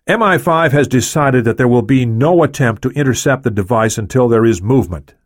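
A man voicing a calm male operations leader giving a briefing in an audiobook. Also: medium pitch, fairly quick, pitched above the performer's own voice, lightly acted. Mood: businesslike.

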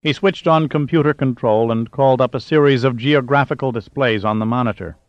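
A man reading an audiobook in a measured, steady narration. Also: medium pitch, no room sound. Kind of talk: scripted narration. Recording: dull dry lo-fi audio.

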